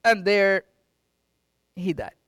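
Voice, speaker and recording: High, lively-voiced preaching pastor. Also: male voice, takes it slowly, no room sound, clean studio sound. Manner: dramatic preaching with sudden loud and quiet swings; folksy, joking asides to the congregation. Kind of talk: sermon.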